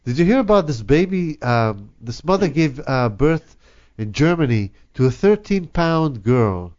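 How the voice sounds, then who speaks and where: A man's voice: medium pitch, sing-song, unhurried, darkish tone. A middle-aged man hosting a casual chat, rambling with lots of fillers, laughing often and swearing. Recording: dull lo-fi recording.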